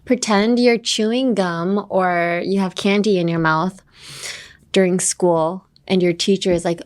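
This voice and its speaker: A woman's voice: mid-range voice, fairly even intonation, unhurried. Woman, podcast English teacher, playful and teasing, bilingual asides. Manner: playful, teasing, laughs often; switches between English and Japanese.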